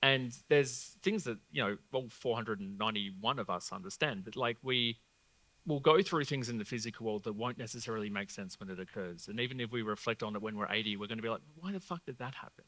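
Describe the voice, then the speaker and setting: A man's voice: fairly low pitch, brisk, a bit bright. An Australian man hosting a live stage show, talking casually with lots of fillers as he relays messages to an audience member. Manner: chatty, filler-heavy, swears casually. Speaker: psychic medium host.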